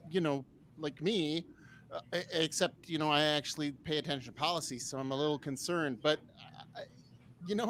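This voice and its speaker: A man's voice: on the high side, fairly bright tone, a little hiss or hum. A man doing a rambling, self-deprecating stand-up set, often laughing at his own jokes. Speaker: stand-up comedian.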